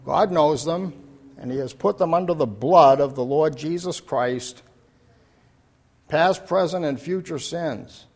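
A man's voice: a little high, a little slow. An older man preaching a sermon in an earnest, repetitive way, building to emphatic declarations.

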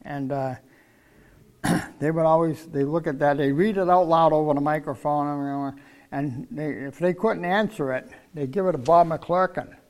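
A man's voice: fairly high pitch, fairly even intonation, unhurried, a little mellow. An older man preaching a sermon, teaching from the Bible in a folksy, conversational way.

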